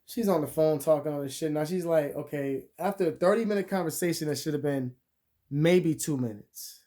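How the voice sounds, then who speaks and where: A young man telling a profane storytime rant as a vlogger, crude and animated, jumping between loud outbursts and muttered asides. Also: on the high side, brisk.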